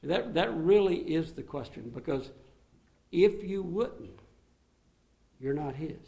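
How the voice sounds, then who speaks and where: A man preaching a sermon to his congregation, swinging between emphatic raised passages and quiet, low asides. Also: lively intonation, takes it slowly, gravelly. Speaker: pastor.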